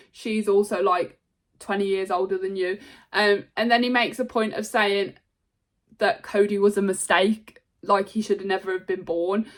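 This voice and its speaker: A woman in her thirties, a show host, giving a chatty, excitable wrestling recap. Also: medium pitch. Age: 30s. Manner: chatty, excitable, laughs often.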